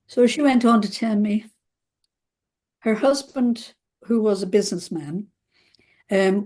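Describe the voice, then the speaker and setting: A woman therapist with a medium-pitched voice relaxedly recounts a client's story, acting out the quoted voices with lively emphasis.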